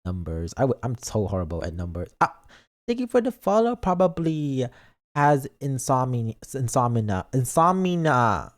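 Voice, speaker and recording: A man's voice: mid-range voice, a little mellow. A young man streaming as a vtuber, chatting casually with viewers, playful, with dramatic mock outrage and frequent stumbles over words. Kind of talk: casual livestream chat reading comments.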